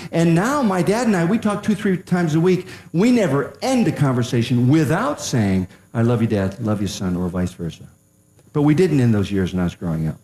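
An older man performs stand-up, storytelling with a voice that leaps high for punchlines and settles low and earnest for the serious parts. His pitch swings widely throughout. The sound carries a roomy echo from the venue. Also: dark tone. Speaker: stand-up comedian.

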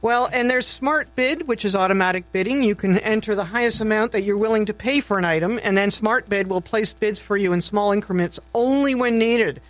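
A man co-hosting a radio show, agreeing readily with his partner and clearly explaining how things work. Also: high voice, fairly quick, few pauses, no room sound, rough recording. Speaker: radio co-host. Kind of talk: casual on-air radio chat.

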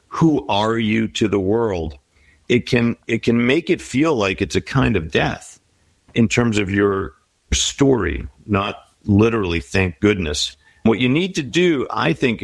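A man's voice: on the low side, dry recording. A middle-aged man in an interview, talking reflectively and giving advice. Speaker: guest. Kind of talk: interview conversation.

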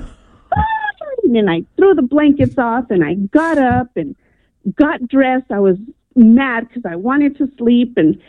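A woman's voice: fairly high pitch, dry recording. Woman calling in over a tinny phone line. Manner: earnest, animated storyteller, frequent "um" and "I'm like". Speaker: radio caller. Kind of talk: telling a personal story on air. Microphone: telephone.

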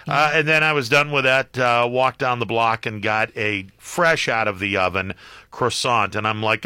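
A man hosting a talk radio show, chatting in a rambling, animated way with many fillers. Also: medium pitch, normal speed, clean tone, dry recording, studio quality. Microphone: studio microphone.

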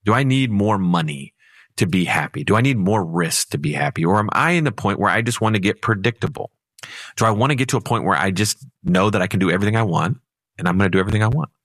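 On a financial talk radio show, a man co-hosting as a financial advisor tells stories conversationally, sometimes suddenly speeding up. His fairly low, fairly bright voice is animated and fast, recorded with studio quality and no room sound.

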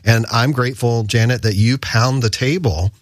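A man's voice: medium pitch, fairly even intonation, moderate pace, no room sound, studio quality. A man from the radio station speaking on air, enthusiastic and a little rambling as he praises the host. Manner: enthusiastic, rambling, laughs often. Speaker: radio station staff guest.

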